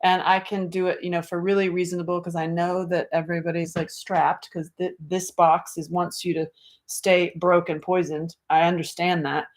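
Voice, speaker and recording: A woman's voice: lowish voice, level tone, moderate pace. A middle-aged woman hosting a casual livestream, talking animatedly, swearing freely and reading out viewer comments. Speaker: livestream host.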